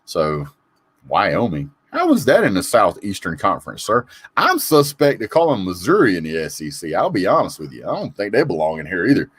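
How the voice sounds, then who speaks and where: A man's voice: sits low, wildly swooping pitch, brisk, fairly bright tone, breathy edge, no room sound. A man hosting a casual live sports show, reading comments and greeting viewers by name in an opinionated, chatty way. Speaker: sports talk host reading live chat. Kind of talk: casual live call-in chat.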